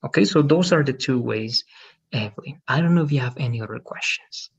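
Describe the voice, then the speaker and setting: Gravelly male English teacher, patient. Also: medium pitch, a little fast, muffled recording. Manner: patient, explanatory, checks with "okay?" and "right?". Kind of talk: online English lesson.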